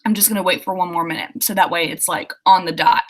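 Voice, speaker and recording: A woman's voice: fairly low pitch, steady tone, quick pace. A young woman, an author, chatting casually and giggling as she reads viewer comments during a livestream. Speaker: author hosting a writing livestream.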